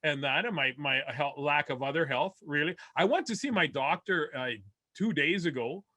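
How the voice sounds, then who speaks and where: A man's voice: fairly high pitch, moderate pace, bright, forceful tone. A male comedian from Winnipeg doing a rambling, self-deprecating stand-up set over a video call, full of restarts. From Winnipeg, Canada.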